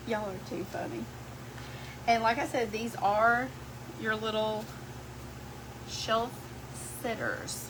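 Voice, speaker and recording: A woman's voice: on the high side, steady tone, extremely slow, pauses often. A middle-aged woman, chatting casually with her live-stream viewers as she shows her crafts. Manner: chatty, talks to viewers as y'all. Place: home craft workshop. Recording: clear background hum.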